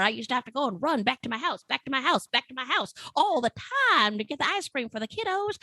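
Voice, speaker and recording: A woman's voice: high-pitched, pushed and bright, dry recording, heavily acted. A woman putting on the voice of a folksy, rambling 1920s male ice cream truck driver with an old-timey drawl. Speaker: podcast co-host.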